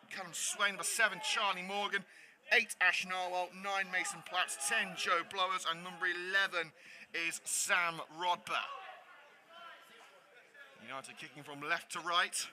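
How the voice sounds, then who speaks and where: A man calls a football match live, out of breath and hurried. His voice sits high for a man. Loud ambient noise from the ground runs under every line. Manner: hurried, breathless, juggling several jobs. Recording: noisy stadium ambience.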